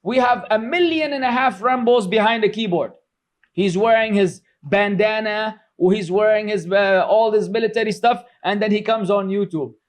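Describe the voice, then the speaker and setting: A man's voice: high-pitched, normal speed. A middle-aged man teaching a religious class, scolding and sarcastic, chatty and full of fillers as he mocks his critics. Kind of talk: informal religious class lecture.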